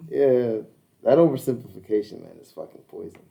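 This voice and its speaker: A man's voice: medium pitch, lively intonation, fairly quick, gravelly, warm tone. A man co-hosting a podcast in casual chat, laughing often and swearing between rambling fillers. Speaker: podcast co-host.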